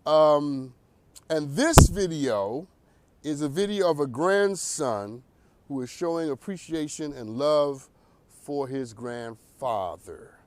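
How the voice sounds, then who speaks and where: Man, talk show host, high voice, very lively, preachy, laughs a lot. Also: slow, slight background noise. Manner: animated, preachy, laughs often. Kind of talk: energetic commentary.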